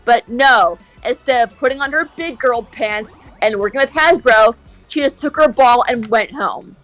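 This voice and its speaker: A woman's voice: a little high, normal speed, fairly bright tone, soft background music. A woman streaming a game and chatting casually, airing strong opinions in a ranting way. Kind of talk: casual chat while gaming.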